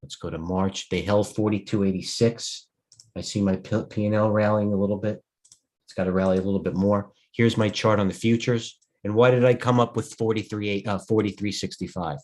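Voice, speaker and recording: A middle-aged man with a fairly low voice talks through stock charts on a live stream. He is a little tired and rambles, thinking aloud and breaking off mid-sentence. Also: fairly even intonation, a little fast, darkish tone. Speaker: stock trading host. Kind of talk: live trading stream commentary.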